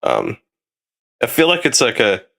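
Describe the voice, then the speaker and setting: Australian male host, casual rambling talk with lively, bouncing pitch. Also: a little slow, gravelly. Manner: rambling, loose, swears casually. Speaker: streamer host. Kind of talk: casual chat.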